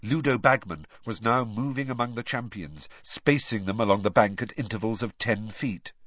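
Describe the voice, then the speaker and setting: A man reading an audiobook aloud as scripted narration, in an expressive storybook manner. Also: on the low side, normal speed, no room sound, dull audio.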